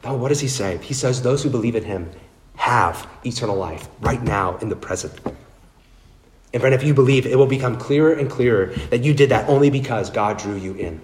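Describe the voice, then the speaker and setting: A man's voice: medium pitch, brisk, a little mellow, slight background noise. Earnest male pastor in an echoey church. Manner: earnest, direct address to listeners. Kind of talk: sermon.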